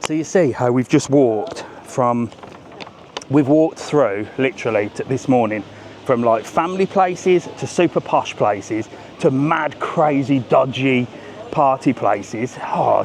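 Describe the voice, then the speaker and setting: A man with a mid-range voice walks outdoors on a busy seafront, chatting and joking with viewers on his live travel vlog. Loud music plays nearby, and there's a little hiss or hum in the recording.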